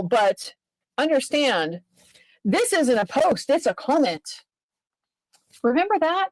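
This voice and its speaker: A woman's voice: fairly high pitch, no room sound, rough recording. A woman lawyer giving casual, profane, exasperated commentary on a court case, rambling at times.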